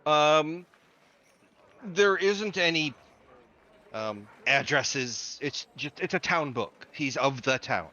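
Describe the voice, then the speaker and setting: A man's voice: fairly high pitch, expressive, slow pace, long pauses, sharp tone. A man running a tabletop game as dungeon master, rambling and joking with lots of restarts. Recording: dull lo-fi audio.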